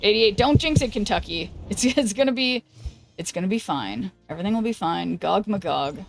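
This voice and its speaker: A woman streamer chatting casually while she plays a card game, thinking aloud and greeting viewers, with a voice that is going hoarse. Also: mid-range voice, expressive, moderate pace, faint music behind. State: losing her voice. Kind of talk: casual gameplay commentary.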